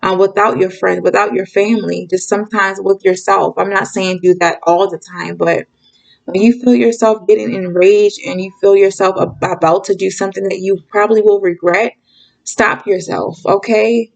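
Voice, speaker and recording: A woman's voice: mid-range voice, gravelly, poor audio. A woman giving viewers frank tough-love advice in a casual monologue, often checking in with "okay?" and "you guys". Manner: talks fast when excited, acts out quoted voices. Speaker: spiritual reader and channel host.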